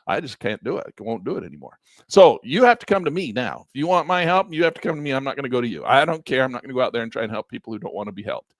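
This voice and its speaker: A man's voice: mid-range voice, very animated, very fast, dry recording, clean studio sound. A man hosting an investing channel, talking casually and emphatically to his viewers, often repeating himself.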